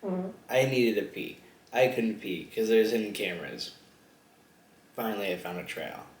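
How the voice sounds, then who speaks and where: A man's voice: lowish voice, lively intonation, normal speed. A young man vlogging a mukbang in casual chat, rambling with lots of fillers and giggles. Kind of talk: casual chat while eating on camera. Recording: echoey room with faint ambient noise.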